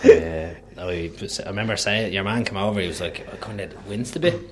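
A man's voice: low-pitched, fairly quick, darkish tone. A young man on a podcast, telling a story in casual chat, laid-back and laughing at himself.

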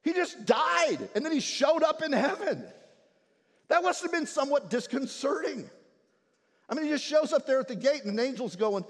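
A man preaching a sermon in a church, telling stories with humor and lively energy. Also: very high voice, moderate pace. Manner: animated, humorous storytelling. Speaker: pastor. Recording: long hall reverb.

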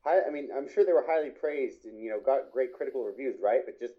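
A man's voice: medium pitch, fast. A man co-hosting a casual film chat, talking enthusiastically and rambling through restarted sentences. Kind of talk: casual chat about animated films. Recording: muffled lo-fi mic.

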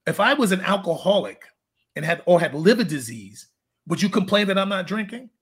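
A male fitness coach with a high, husky voice talks casually in an interview. He wanders through candid stories and laughs at his own jokes. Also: sing-song, brisk, a bit bright.

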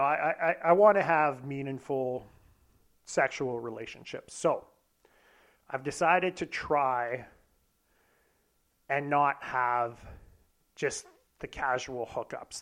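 A man's voice: mid-range voice, fairly bright tone. A young man casually telling a candid, profane, self-deprecating story about himself. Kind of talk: casual anecdote monologue.

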